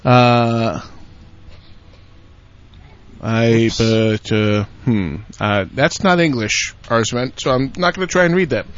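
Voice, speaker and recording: A man's voice: medium pitch, slow pace, long pauses. A man co-hosting a casual podcast, reading listener emails in a playful, teasing way. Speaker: podcast co-host. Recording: dull lo-fi podcast audio.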